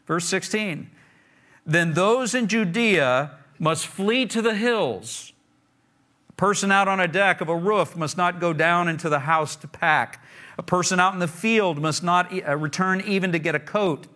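A man's voice: high voice, fairly even intonation, moderate pace, bright, forceful tone. A man preaching a sermon, reading scripture aloud and then explaining it in a conversational, emphatic way, often repeating words for stress. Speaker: pastor.

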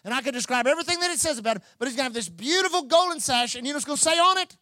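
A man preaching a sermon as pastor, building to loud, repeated calls to his church. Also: extremely high pitch, expressive, racing, no room sound. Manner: preaching with rising, shouted repetition.

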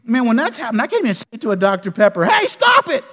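A male pastor preaching a sermon in a folksy way, dropping to a hush and rising to loud bursts. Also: very high-pitched, big pitch swings, rapid-fire. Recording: echoey hall with long reverb.

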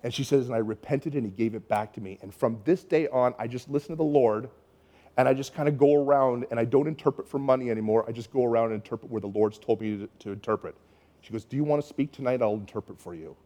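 A man's voice: medium pitch, fast. A man from Canada preaching, telling a story and acting out the people in it. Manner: animated storytelling, acts out quoted voices. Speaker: pastor. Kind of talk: sermon storytelling.

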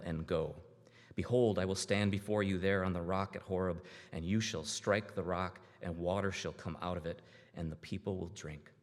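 Low-voiced guy reading the bible earnestly, church echo. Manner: earnest, measured reading; halting in prayer. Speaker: scripture reader and prayer leader. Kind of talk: scripture reading and prayer.

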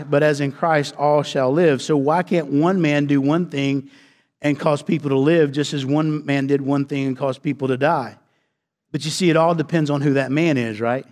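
A pastor preaching to his congregation, his voice sitting a little high for a man. He throws questions out for the people to answer and climbs in pitch and force as he presses a point. The sound rings with the long reverb of a church hall. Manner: preaching with call-and-response to the congregation. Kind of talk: sermon.

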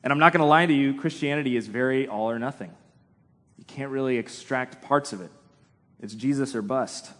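A man preaching a sermon in a relaxed, conversational way, with self-deprecating humor. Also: mid-range voice, brisk. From United States. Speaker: pastor. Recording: long hall reverb.

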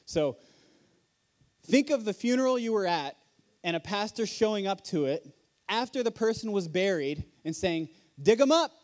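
A man's voice: high voice, expressive, normal speed, a little mellow. A man giving a sermon at a conference in a hall, preaching earnestly in a conversational way and asking rhetorical questions. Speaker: conference speaker.

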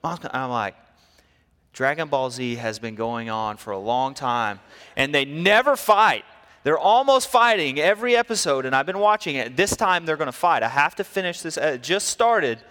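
A man preaching a sermon, telling stories in a lively way and acting out the people in them. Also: fairly high pitch, moderate pace, clear, resonant tone, big-room sound. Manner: storytelling, animated, acts out quotes. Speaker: pastor.

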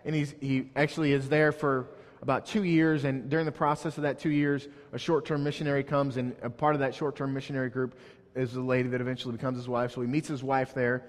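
A man's voice: mid-range voice, little pitch movement, fast talker. Pastor guy telling a story in his sermon, mid voice, big echoey church sound. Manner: storytelling, building to emphatic peaks.

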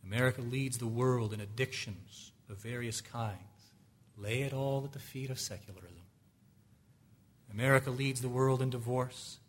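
A man preaching a sermon, asking his listeners rhetorical questions and moving between low, quiet asides and loud, emphatic exhortations.

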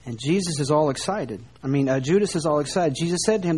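A man preaching a sermon, animated and emphatic, often posing rhetorical questions. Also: on the high side, fast talker, few pauses, husky.

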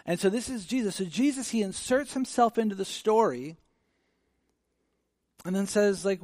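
Pastor, male, slightly high voice, casual storytelling sermon delivery, dry close sound. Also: moderate pace, long pauses, no echo. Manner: conversational, animated storytelling with many fillers.

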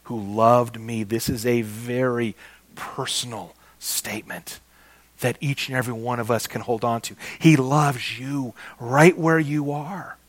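A man preaching a sermon, slow and emphatic, repeating key phrases and calling his listeners "guys". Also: mid-range voice, steady tone, no echo.

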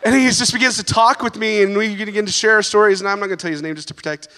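A man shares a story at a church service in an animated, laughing way. His voice is bright and sharp. It rings out with the long reverb of a big hall. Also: high voice, racing. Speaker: guest sharing a testimony. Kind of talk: storytelling testimony.

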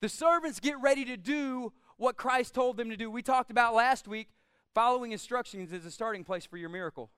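A man delivers a sermon from the pulpit. His voice sits very high and comes through smooth and clear. He speaks emphatically and swells to shouts on his strongest points, recorded dry and up close. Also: fairly quick, no room sound. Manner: emphatic, rising to shouts on key phrases. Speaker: pastor.

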